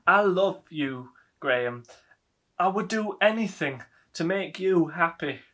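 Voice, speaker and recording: Guy doing a chatty mum in her 70s, highish bright voice, stage monologue. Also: lively intonation, takes it slowly, heavily acted. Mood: tender. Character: chatty 72-year-old mother, giddy and stubborn.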